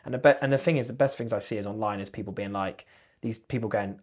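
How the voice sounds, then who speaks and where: A man, a podcast guest chatting casually, jokey and animated, swearing freely. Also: lowish voice, quick pace. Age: 20s. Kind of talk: casual chat.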